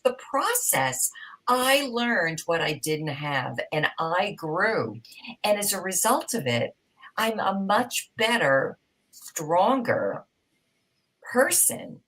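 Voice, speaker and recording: A woman's voice: low-pitched, fairly bright tone, poor audio. A middle-aged woman telling a heartfelt personal story as a podcast panel guest, growing emotional and sometimes dropping to a whisper.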